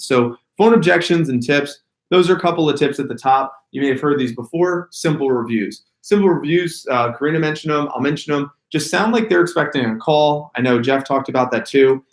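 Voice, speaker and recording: Man, sales trainer, animated workshop talk, emphatic word stress, medium-pitched, echoey room.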